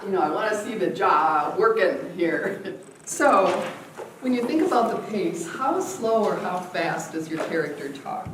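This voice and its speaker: A woman's voice: lowish voice, expressive, normal speed, a crowd in the background, background noise. A woman leading an acting workshop, teaching voice exercises, laughing often and acting out sounds. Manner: demonstrative, laughs often, acts out vocal exercises. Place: large echoey theatre room. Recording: echoey room from far off.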